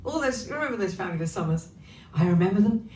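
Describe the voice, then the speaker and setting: A chatty, foul-mouthed woman greets her viewers in a relaxed, cheeky way. Her voice sits a little away from the mic in a roomy, echoey space with a faint hiss underneath. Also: medium pitch, fast, recorded from a distance. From Wales. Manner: chatty, cheeky, swears freely. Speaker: singer hosting a livestream. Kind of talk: casual chat greeting viewers. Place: her home.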